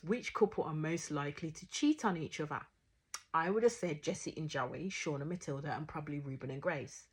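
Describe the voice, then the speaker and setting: A woman's voice: low-pitched, husky. A woman giving casual, outspoken reaction commentary on a reality show, swearing freely as she retells events.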